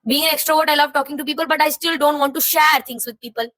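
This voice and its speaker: Speaking fast in a high, fairly bright voice with fairly even intonation, a young woman pours out her tangled thoughts to her audience. This personal vlog rant comes across rambling, confused, frustrated and emotionally weighed down, and the audio is poor.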